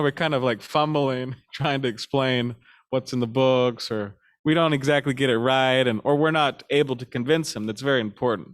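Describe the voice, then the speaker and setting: A man giving a devotional class, speaking in a halting way with many fillers and restarts, chuckling now and then as he tells stories. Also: medium pitch. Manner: chuckles while telling stories.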